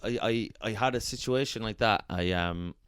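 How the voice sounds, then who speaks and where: Low-voiced man telling crude stories. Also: moderate pace, a bit bright, smooth, no echo. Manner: rambling, crude storytelling. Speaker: podcast co-host. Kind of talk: casual comedic chat.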